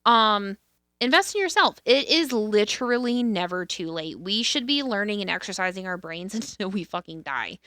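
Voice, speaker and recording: A woman's voice: mid-range voice, animated, normal speed, bright, forceful tone, no room sound, studio quality. A woman co-hosting a podcast in casual, candid chat, swearing freely and restarting her sentences often. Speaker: podcast co-host.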